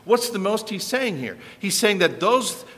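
Lively, high-voiced preacher in an echoey hall. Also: male voice, a little slow. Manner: animated, asks the audience rhetorical questions. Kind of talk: sermon.

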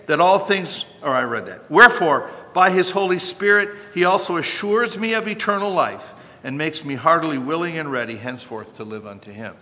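A man preaching a sermon as pastor, earnest and emphatic with sudden loud peaks, in a church sanctuary. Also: sits high. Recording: long hall reverb from a church.

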